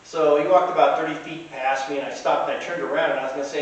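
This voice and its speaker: A man's voice: fairly high pitch, fairly even intonation, fast talker. A man casually telling rambling anecdotes from costume fairs. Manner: rambling, chatty. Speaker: storyteller. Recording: echoey room, distant mic, faint hiss.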